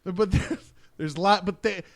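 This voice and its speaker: Man, casual podcast banter, teasing, slightly high pitch. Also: normal speed, vocal fry, no echo. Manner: joking, teasing. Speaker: podcast co-host. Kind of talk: casual chat.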